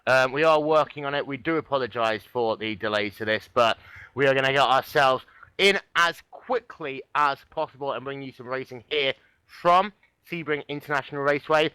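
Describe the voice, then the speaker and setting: A man's voice: mid-range voice, normal speed, pushed and bright, clean tone, no room sound, rough recording. A man doing lead commentary on a live sim racing broadcast, chatty and joking.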